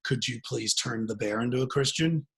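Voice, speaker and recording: A cornered, squeamish male professor, as a man puts him on, pleading awkwardly and stumbling over his words. His voice sits at a middle pitch. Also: moderate pace, gravelly, slightly rough.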